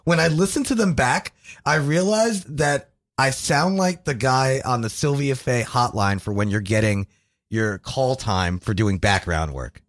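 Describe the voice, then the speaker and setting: Man, co-host, rambling storyteller, laughs a lot, lively pitch. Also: a little slow. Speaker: radio show co-host. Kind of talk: casual banter and storytelling.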